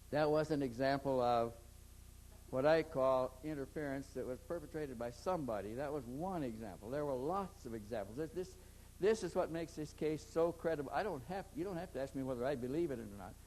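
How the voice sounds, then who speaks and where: With lively intonation and a darkish, medium-pitched voice, the interviewee talks a little fast as he rambles through a long anecdote about his experiences. He often repeats his first words, and the low-quality recording has a slight hiss or hum.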